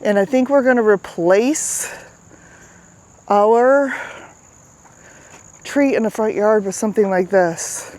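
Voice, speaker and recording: A fitness coach hosts a casual vlog outdoors, walking along a riverside path and talking to a handheld camera while slightly out of breath. She is chatty, repeats herself, and keeps asking "right?" Her mid-range voice has a darkish tone, and she speaks slowly with long pauses.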